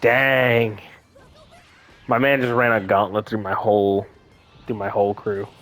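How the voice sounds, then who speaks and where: A man's voice: fairly low pitch, a little fast. A young man chatting casually as a gaming co-host, telling an anecdote and acting out the quoted voices. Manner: animated storyteller, acting out quotes. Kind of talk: casual chat.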